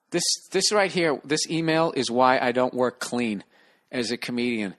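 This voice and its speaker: Male podcast host, slightly high voice, exasperated profane comic rant. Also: a bit bright. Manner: profane, exasperated, reading a listener email.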